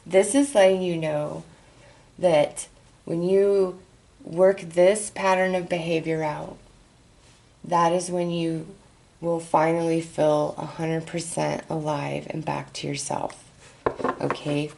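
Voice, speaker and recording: Woman, tarot reader, low voice, unhurried, soothing, encouraging. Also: flat delivery, gravelly, mellow. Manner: soothing, encouraging, speaks directly to the viewer. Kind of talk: tarot reading.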